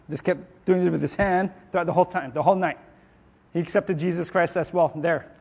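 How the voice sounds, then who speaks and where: High-voiced earnest preaching man. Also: big-room sound. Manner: earnest, repeats words and restarts often, rises in pitch and volume on declarations. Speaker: pastor. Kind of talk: sermon.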